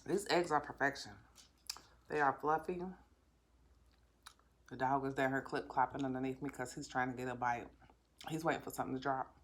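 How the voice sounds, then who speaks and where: A low-pitched woman with a lilt eats and talks at once, murmuring over bites between remarks. Her casual, self-assured chat goes straight to her viewers from a home table, with a camera or phone close in front of her. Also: fairly even intonation, normal speed, long pauses, a little hiss or hum. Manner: talks with mouth full, chewing and savoring between remarks; candid and self-assured, addressing viewers directly. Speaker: mukbang vlogger. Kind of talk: casual chat while eating.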